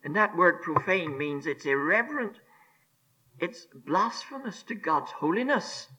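A male preacher delivering a sermon at a slow, weighty pace. His voice is bright and a little high, and it rises and falls widely as he stresses each phrase. He repeats key words and often drops to a hushed near-whisper. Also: lively intonation, rough recording. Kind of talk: expository sermon.

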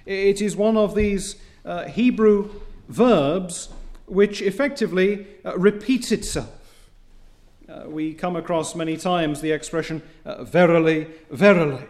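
A man preaching a sermon, reading scripture in old biblical wording, with emphatic rises and quiet drops. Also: high voice, a little slow.

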